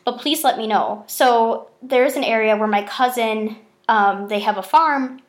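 A young woman telling stories in a casual podcast chat, animated and swearing freely. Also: fairly high pitch, a little slow. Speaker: podcast host.

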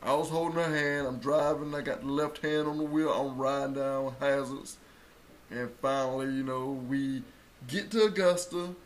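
A man telling a story in casual chat, acting out quotes and rising to loud bursts. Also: mid-range voice, fairly even intonation, moderate pace. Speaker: co-host telling a birth story.

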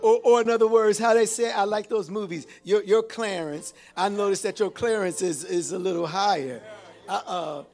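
High-voiced preacher man, animated. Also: moderate pace. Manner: animated preaching with call-and-response; repeats and restarts phrases. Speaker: pastor. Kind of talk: sermon.

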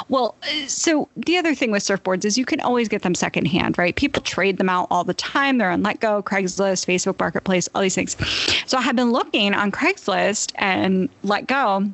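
A woman in casual chat, telling a profane, animated story full of laughs. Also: mid-range voice, moderate pace, no room sound.

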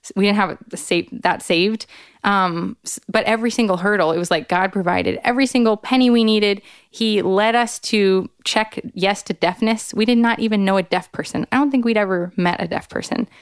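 Smooth-voiced woman telling a story animatedly. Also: moderate pace, no room sound, studio quality. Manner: animated, acts out quoted voices with big jumps in pitch; frequent "like" fillers, earnest and expressive. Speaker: podcast guest, author. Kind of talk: candid storytelling in a conversation.

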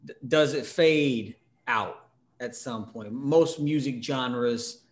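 A man hosting a casual online hip-hop chat. His voice sits in an ordinary middle range. He talks in a measured, agreeable way, pausing on fillers as he gathers his thoughts. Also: mid-range voice. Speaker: podcast host.

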